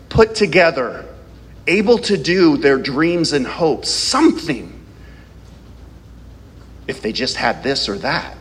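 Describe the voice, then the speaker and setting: A man's voice: a little high, a bit bright, breathy edge, in a large hall. A male pastor preaching a sermon, reading scripture aloud and asking the congregation rhetorical questions.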